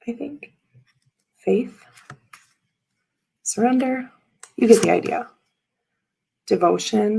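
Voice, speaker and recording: A woman's voice: on the low side, slow pace, creaky, long pauses, a little mellow, husky, low-quality recording. A woman in her thirties hosting a casual chat while showing tarot cards, talking in a rambling, chatty way with lots of fillers. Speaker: tarot reader and livestream host.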